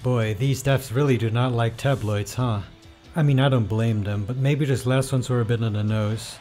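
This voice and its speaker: A man narrating a casual video essay, his delivery wry and chatty. His voice sits at a middle pitch, with faint music underneath. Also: fairly even intonation, normal speed, a little mellow.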